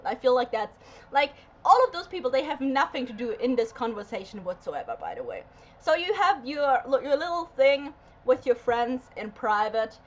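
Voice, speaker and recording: High-voiced woman hosting a reaction video, emphatic and profane, on a dull lo-fi mic. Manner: emphatic, swearing, lots of fillers. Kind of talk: casual rant.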